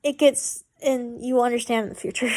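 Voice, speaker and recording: High-voiced woman reading fan fiction aloud. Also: fairly even intonation, normal speed. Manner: stumbling, self-correcting, chatty asides.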